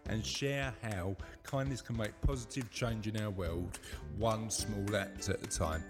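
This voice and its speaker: A man's voice: on the low side, unhurried, music in the background. A man, co-hosting a podcast in casual, jokey, teasing chat. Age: 40s. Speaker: podcast co-host.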